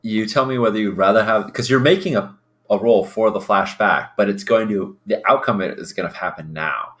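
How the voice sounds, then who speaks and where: Deep voiced lady player, lots of ums and uhs, slow explaining her move. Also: fairly bright tone. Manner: halting, many fillers, explains slowly. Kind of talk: tabletop game play.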